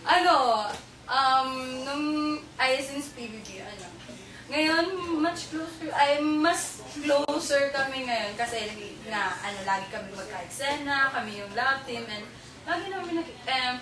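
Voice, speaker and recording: A woman's voice: sits high, expressive, a little slow. A young woman, a guest in a casual chat, talking playfully with giggles and mixing English into Filipino. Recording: echoey room, distant mic, crowd behind.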